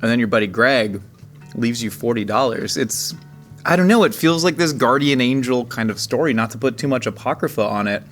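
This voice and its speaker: A man's voice: medium pitch, expressive, a little fast, fairly bright tone, soft background music. A man hosting a casual interview over a meal, playfully prompting his guest with researched questions. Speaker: host.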